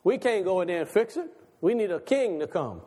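A male pastor preaching a sermon with animated rhetorical questions and laughter between lines. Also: high voice, fairly quick. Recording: long hall reverb.

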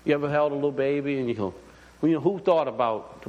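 A man's voice: medium pitch, fast, a little mellow, muffled recording. A man preaching to a congregation in a loose, conversational way, full of fillers and restarts, often asking his listeners questions. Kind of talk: sermon. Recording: long hall reverb.

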